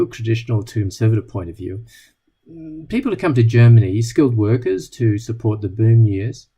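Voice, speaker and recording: A man speaks to an audience in a relaxed, mellow tone with a touch of huskiness. He tells wry anecdotes and acts out short exchanges between people as he goes. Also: mid-range voice, slightly rough. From not British. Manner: wry, anecdotal, plays out little dialogues. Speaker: speaker giving a talk. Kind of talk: storytelling talk to an audience.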